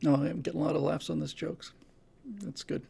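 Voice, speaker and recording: A man's voice: a little high, flat delivery, brisk, gravelly, mellow, slightly rough. A man hosting a podcast, talking in a casual, emphatic monologue with frequent restarts. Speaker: podcast host.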